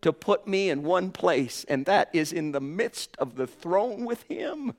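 A man preaching a sermon with fervor, swinging between hushed tones and ringing exclamations and calling his listeners brothers and sisters. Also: sits high, animated, a little slow. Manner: addresses the congregation as brothers and sisters.

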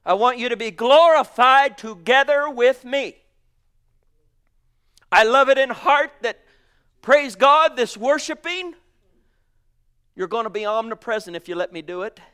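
A smooth-voiced man delivers a fervent sermon, his voice swinging from booming exclamations to hushed murmurs while he addresses listeners as sweetheart and honey.

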